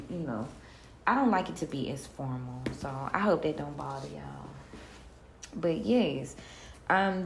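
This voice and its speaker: A woman's voice: low-pitched, gravelly. A woman with a Southern US accent hosting a podcast solo, talking in a laid-back, chatty way and laughing often. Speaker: podcast host. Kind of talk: casual solo podcast chat. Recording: roomy echo, faint room noise.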